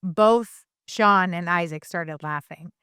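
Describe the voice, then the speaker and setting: Chatty woman with a smooth clear voice. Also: lowish voice, slow, no echo, clean studio sound. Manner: chatty, animated storyteller with many restarts and fillers. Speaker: podcast co-host. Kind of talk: casual podcast chat.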